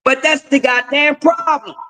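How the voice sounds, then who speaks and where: A man with a very high, sharply bright voice rants through boxing commentary. He is profane and confrontational, lecturing his listeners and hammering the same points again and again. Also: steady tone, a little slow, poor audio. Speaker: host of a boxing talk stream. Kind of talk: ranting commentary.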